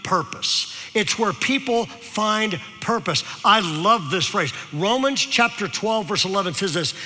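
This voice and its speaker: Bright-voiced pastor in a reverberant hall. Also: male voice, high-pitched, lively intonation, a little slow, faint music behind. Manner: storytelling with repeated "okay?" to the audience. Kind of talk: sermon.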